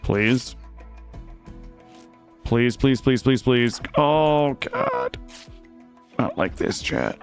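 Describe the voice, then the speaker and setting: A man's voice: medium pitch, animated, very slow, long pauses, faint music behind. A young man streaming a video game, talking through it live and swinging from muttering to panicked outbursts. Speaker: gaming streamer. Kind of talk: live gameplay commentary. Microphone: studio microphone.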